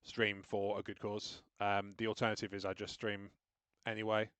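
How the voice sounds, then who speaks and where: A man's voice: lowish voice, completely flat delivery, moderate pace, a bit bright, clear, resonant tone, dry recording. A man streaming games live, chatting casually and thinking aloud as he works out his setup, with self-deprecating asides. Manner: rambling, self-deprecating, talks through what he is doing on screen. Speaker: game streamer.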